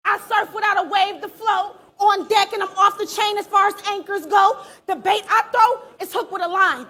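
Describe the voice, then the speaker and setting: A woman performing a live battle rap, taunting her opponent with aggressive, shouted punchlines. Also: extremely high pitch, normal speed. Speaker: battle rapper. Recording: live event with crowd behind.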